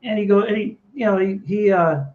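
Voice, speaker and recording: High-voiced man telling a war-veteran story. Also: brisk, narrow, tinny audio. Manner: animated anecdote teller, quotes others. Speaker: Navy veteran guest. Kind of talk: casual storytelling interview.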